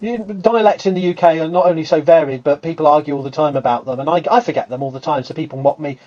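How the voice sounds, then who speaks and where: Brief: English archaeologist, southern accent, brisk and lively, acts out quotes, muffled call audio. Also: male voice, a little high. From England. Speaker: archaeologist guest. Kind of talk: animated conversational explanation.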